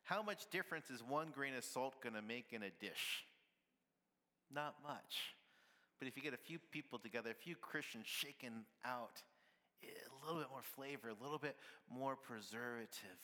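A man's voice: mid-range voice, normal speed, bright, forceful tone, long reverb tail. A man preaching a sermon at church, conversational and playful, often asking the congregation "right?" with little laughs. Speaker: pastor.

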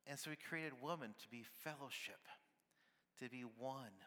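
A man's voice: mid-range voice, normal speed, sharp tone, big-room sound. A man preaching a sermon at church, conversational and playful, often asking the congregation "right?" with little laughs. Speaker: pastor.

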